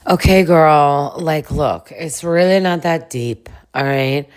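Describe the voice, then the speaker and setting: A woman voicing a breezy young woman who reassures a crying friend in a slow, casual way. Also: deep voice, lively intonation, darkish tone, clear, resonant tone. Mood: reassuring.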